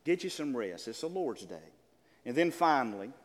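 An older man preaching a sermon to a congregation, calling out amens and building to loud, exclaimed lines. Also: medium pitch, sing-song, normal speed. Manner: preaching with call-and-response amens, building to shouts. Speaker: pastor. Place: church. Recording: church hall with long reverb.

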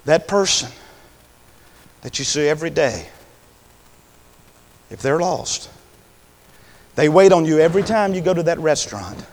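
A man preaching a revival sermon in a church. He moves from hushed storytelling to shouted, drawn-out calls. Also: fairly high pitch, animated. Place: church sanctuary. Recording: long reverb of a church hall.

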